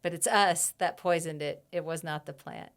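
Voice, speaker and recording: A woman with a low, smooth voice, talking as a guest herbalist on a casual podcast. She is reflective and unhurried, pausing with fillers and laughing easily as she thinks aloud.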